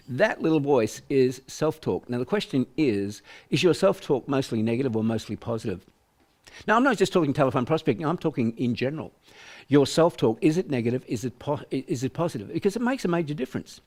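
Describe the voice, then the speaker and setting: A man's voice: medium pitch, darkish tone. An older Australian man teaching sales prospecting, emphatic, acting out small voices to make his points. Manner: emphatic, acts out voices to illustrate. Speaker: sales trainer. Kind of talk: business training presentation.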